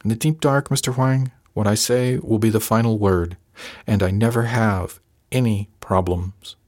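A man voicing a stern, controlling male starship captain who speaks in slow, measured, menacing tones. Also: fairly low pitch, fairly even intonation, a little mellow, no echo, clean studio sound, natural voice.

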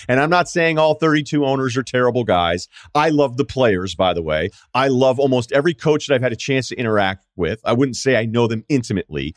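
In this studio-quality recording without echo, a middle-aged man speaks in a mid-range voice. He hosts a sports podcast, mocking others through impressions and asides during a sarcastic, opinionated monologue.

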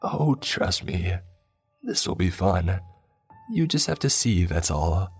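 A creepy old cave cultist, as a male narrator puts him on, drawling slowly in a higher, sly voice that turns sinister and menacing. His friendliness sounds false, and soft music plays behind him in this horror story. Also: sing-song, slightly rough, exaggerated voice. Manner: slow, falsely welcoming, menacing.

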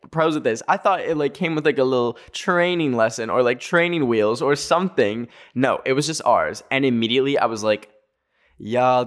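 A young man from North America tells a story in a loose, conversational way. His speech is full of fillers and quick asides, and he catches himself mid-sentence. His voice sits at an ordinary middle pitch. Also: fairly bright tone. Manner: chatty, full of "like" fillers, jumpy self-corrections. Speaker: vlogger. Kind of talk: casual storytelling.

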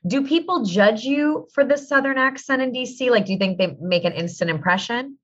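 A woman's voice: fairly high pitch, lively intonation, fairly quick, fairly bright tone. A woman in her thirties hosting a podcast, chatting in a bubbly, playful, self-mocking way. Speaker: podcast host. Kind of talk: casual chat. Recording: slightly dull lo-fi sound.

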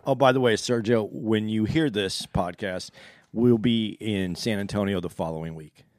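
A man's voice: on the low side, moderate pace, no echo. A man co-hosting a podcast, chiming in with brief, dry remarks. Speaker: podcast co-host. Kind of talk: casual podcast banter.

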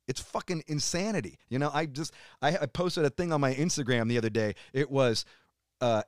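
A man's voice: medium pitch, no room sound. A middle-aged man from the United States rants as a podcast guest, swearing in nearly every sentence. He speaks in an ordinary middle register. The sound is dry and close, with no room around him. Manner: profane, emphatic, swears constantly. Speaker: podcast guest, metal musician. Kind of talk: heated casual rant.

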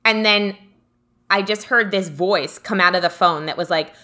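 A woman co-hosting a podcast, telling a story in a casual, animated way. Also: medium pitch, normal speed. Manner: storytelling, animated when quoting. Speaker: podcast co-host. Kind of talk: casual chat.

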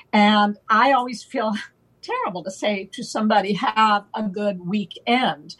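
Slow, husky-voiced woman guest. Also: medium pitch, low-quality recording. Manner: playful wordplay, slow and deliberate, laughs often. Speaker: guest on a talk show. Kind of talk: relaxed conversational explanation.

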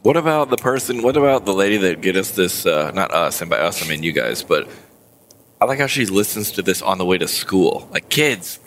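Podcast co-host, male, deep-ish voice, rambling comic banter. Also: sing-song, a little fast, a bit bright, slight background noise. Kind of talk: casual comedic chat.

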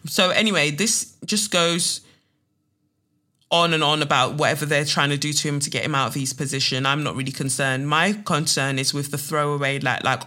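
A woman's voice: low voice, fairly quick, bright, forceful tone. A woman hosting a casual solo podcast, talking bluntly and sarcastically and swearing freely. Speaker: podcast host.

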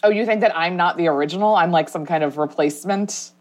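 A woman's voice: lowish voice, fast, darkish tone. A woman co-hosting a comedy podcast in casual chat, giggly and rambling with lots of fillers, on a lesser microphone than usual. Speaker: podcast co-host. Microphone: not her usual good microphone.

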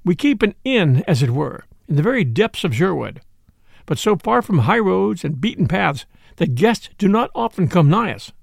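A man's voice: high-pitched, big pitch swings, normal speed, gravelly, dry recording, studio quality, full character voice. Robin Hood, a jolly outlaw, as a man reads him. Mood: merry. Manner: archaic, courtly old-fashioned speech. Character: jolly bold male outlaw leader, merry and shrewd.

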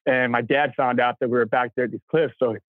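A man from Kentucky, an actor, telling stories in casual chat, animated and acting out the voices of people he quotes. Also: medium pitch, quick pace, no echo, phone-quality sound. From Kentucky, USA. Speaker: actor guest.

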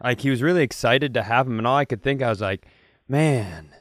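A man co-hosting a podcast, chatting quickly and laughing easily. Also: medium pitch, a bit bright, dry recording, clean studio sound. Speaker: podcast co-host. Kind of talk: casual comedic chat.

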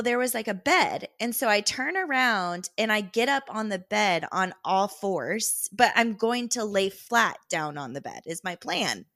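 A young woman, co-hosting a podcast and telling a story in casual chat, quoting people in lively voices and laughing often. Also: medium pitch, no echo, studio quality. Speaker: podcast co-host.

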